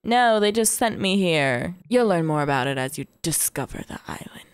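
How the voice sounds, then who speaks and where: Woman reading a formal, courteous game mayor, measured, lively pitch, dry. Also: smooth, no echo, natural voice. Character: polite, formal male town mayor.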